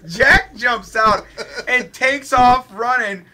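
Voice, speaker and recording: A young man from Ohio telling a wild story while playing a game, swearing constantly and animated. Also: extremely high pitch, slow pace. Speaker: let's play co-host. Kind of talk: profane storytelling during a game.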